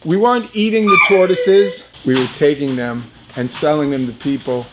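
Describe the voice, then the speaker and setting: A man's voice: on the high side, moderate pace, heavy background noise. A man in his fifties casually telling a personal story, chatty and laughing often, talking straight to young viewers. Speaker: reptile business owner.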